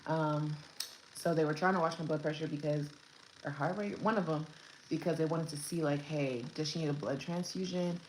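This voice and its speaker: A woman's voice: sits low, steady tone, moderate pace, darkish tone. A young woman, a new mother, chatting casually through her birth story, rambling with lots of fillers and restarts, at home with her baby. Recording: echoey room, faint background noise.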